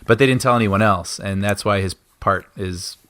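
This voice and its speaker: A man co-hosting a casual movie commentary podcast, animated and quick to laugh, often trailing off mid-sentence. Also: fairly low pitch. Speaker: podcast co-host.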